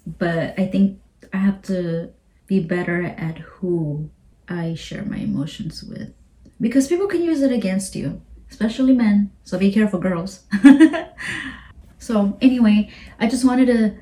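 A single mother in her thirties hosting a podcast, speaking emotionally in a halting, repetitive way, swearing and often dropping to a whisper. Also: mid-range voice, expressive, mellow. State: emotional, near tears. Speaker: podcast host. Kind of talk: emotional personal podcast monologue.

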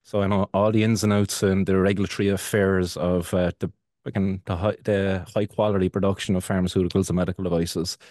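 A man's voice: low-pitched, little pitch movement, a little fast, a little mellow, no room sound, studio quality. A man from Ireland with an Irish accent, chatting casually as a podcast guest, cursing freely and restarting his sentences. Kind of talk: casual chat.

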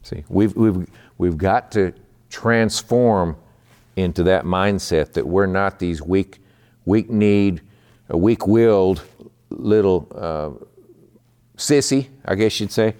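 A man preaching a midweek sermon in a conversational way. He slows down to explain terms and often repeats words. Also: deep voice, a little mellow. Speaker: pastor.

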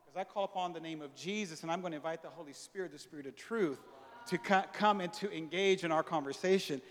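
Animated preacher in a reverberant hall. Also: male voice, a little high, fast. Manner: animated storytelling, acting out dialogue, casual slang. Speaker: pastor. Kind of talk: sermon.

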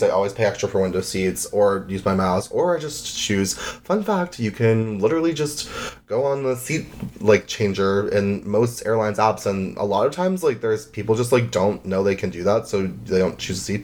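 A man's voice: fairly low pitch, darkish tone. A man in his twenties hosting a podcast, telling a travel story in a rambling, chatty way full of "like" fillers. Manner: chatty, rambling, heavy use of "like". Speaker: podcast host. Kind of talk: casual storytelling.

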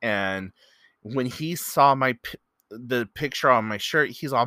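A man's voice: mid-range voice, normal speed, bright, forceful tone, no room sound. A man hosting his own podcast, telling a story in a rambling, earnest way with many fillers, close to the mic. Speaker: podcast host. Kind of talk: casual solo podcast storytelling.

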